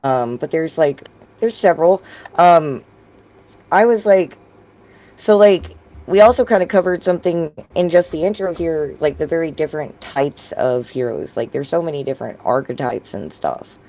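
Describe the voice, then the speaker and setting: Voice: mid-range voice, lively intonation, moderate pace, mellow. Podcast host, casual talk, filler-heavy, mid-range voice, online call. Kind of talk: casual discussion.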